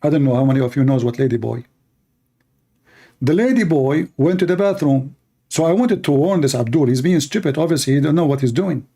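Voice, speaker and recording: A man's voice: fairly high pitch, lively intonation, fairly quick, mellow, slightly rough. A man hosting a polemical talk who speaks in sarcastic, mocking, non-standard English. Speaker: host.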